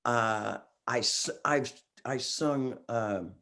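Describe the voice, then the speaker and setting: A man in his sixties, a singer guesting on a podcast, telling excited stories in casual chat and laughing often. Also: medium pitch, drawn-out words. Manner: excitable storyteller, laughs often, acts out quotes.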